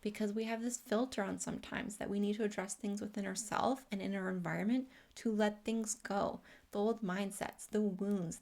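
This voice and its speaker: An earnest woman hosts a spiritual self-help talk in a middle-pitched voice. She talks in a heartfelt way and leans on "you know" fillers while she gathers her thoughts. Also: creaky, a little mellow. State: emotional, near tears. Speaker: host.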